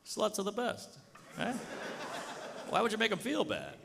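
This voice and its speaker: A man's voice: high voice, huge pitch swings, moderate pace, creaky. A man performing a stand-up comedy set, crude and conversational, leaning on "you know". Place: comedy club stage. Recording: live stage mic, reverberant hall, loud audience. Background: audience laughter and room noise.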